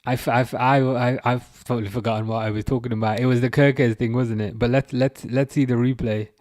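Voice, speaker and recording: A chatty man talks over a live football match, reading out chat messages and mocking himself with a laugh. He often trips over his words and starts again. His voice sits at a middle pitch and comes across dry and close to the mic. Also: fairly even intonation, a little fast, a little mellow, no echo. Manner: chatty, self-mocking, stammering restarts, frequent laughs. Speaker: livestream host. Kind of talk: casual live match commentary.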